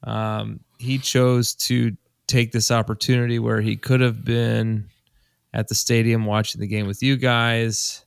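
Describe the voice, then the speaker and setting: Man, slow-talking, gravelly, dry close mic, laid-back podcast host banter. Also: medium pitch, level tone, no echo. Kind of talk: casual podcast chat.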